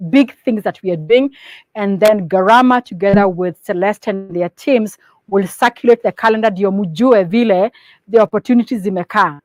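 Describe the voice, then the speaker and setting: A woman with a Kenyan accent presents business plans to partners in a steady, instructive manner, moving between English and Swahili within a sentence. Her pitch sits in a middle range. The recording is dry and close, with no room echo. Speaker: company presenter.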